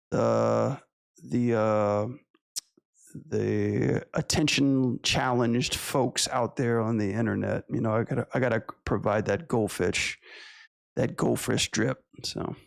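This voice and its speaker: A man who animates and streams, chatting casually with his viewers in a relaxed, slangy way over faint guitar music. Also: mid-range voice, creaky, dry recording, studio quality. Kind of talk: casual livestream chat.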